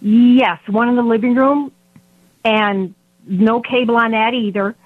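A woman's voice: a little high, steady tone, unhurried, no echo, narrow, tinny audio. A woman from Indiana calling in to a radio show, nervous and rambling as she explains her problem. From Indiana, USA. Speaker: caller. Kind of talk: phone-in call. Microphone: telephone.

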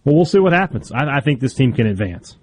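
A man co-hosting a sports talk radio show, offering analysis and quick banter. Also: mid-range voice, sing-song, darkish tone, breathy edge, no echo.

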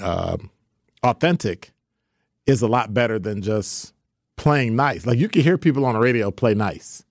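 A man co-hosting a radio talk show, bantering casually in an animated, playful, argumentative way. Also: medium pitch, no echo, studio quality. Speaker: radio co-host.

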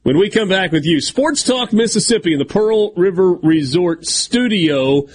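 A man's voice: sits high, lively intonation, moderate pace, a little hiss or hum. A man hosting sports talk radio, teasing his co-host and reading listener messages aloud.

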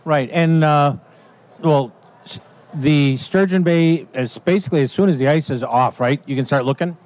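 A man hosts an outdoors radio show in a casual interview. His voice is a little higher than most men's. He jokes and keeps his questions short. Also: normal speed, a little mellow. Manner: joking, brief prompting questions.

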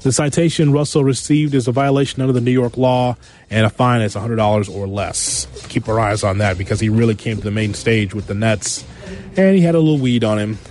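A man hosting a sports radio show, reading news items and adding quick wisecracks. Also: mid-range voice, darkish tone, slight background noise. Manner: wisecracking, quick asides after each story.

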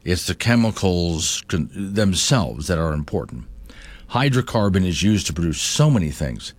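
A man's voice: sits low, normal speed, no room sound. A man hosting a morning talk radio show, reading news and chatting with asides. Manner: conversational, animated, reads news aloud with asides. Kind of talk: talk radio monologue and banter.

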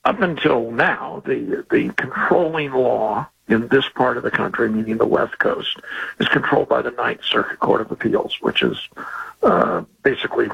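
A man who is a former district attorney, explaining a legal case on a radio show in a measured way. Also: mid-range voice, animated, vocal fry, a bit bright, husky, muffled recording.

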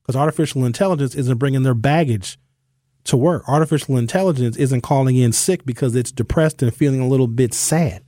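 A man hosting a talk radio show, delivering an opinionated, conversational monologue that slows down and speeds up for emphasis. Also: medium pitch, dark tone, no room sound, studio quality.

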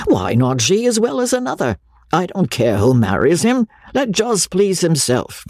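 A man voicing a fretful older mother who scolds and fusses, in a raised, breathy voice. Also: sits high, wildly swooping pitch, moderate pace, a little mellow, no room sound, studio quality, voice pushed up, full character voice. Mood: sharp. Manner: chiding, fretful.

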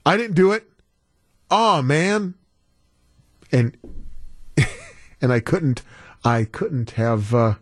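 A man's voice: medium pitch, a little mellow, dry recording. A male radio talk show host chatting casually into a studio microphone, rambling off on tangents and reading listener texts.

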